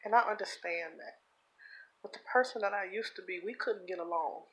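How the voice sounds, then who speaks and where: A woman's voice: mid-range voice, fairly quick, fairly bright tone, poor audio. A woman talks straight to her camera in a confessional vlog, in a mid-range voice. She is earnest and heartfelt and holds back tears, and she stumbles and repeats words as she goes. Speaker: vlogger.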